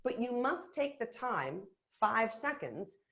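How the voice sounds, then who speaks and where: Energetic woman giving a motivational webinar. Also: on the high side, slow, gravelly. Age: middle-aged. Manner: energetic, emphatic, practical. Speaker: keynote speaker.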